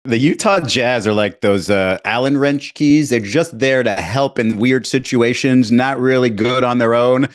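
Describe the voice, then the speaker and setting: A man's voice: medium pitch, a little slow, few pauses. Wry man co-hosting a sports podcast. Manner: wry, joking. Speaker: podcast co-host. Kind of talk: casual sports chat.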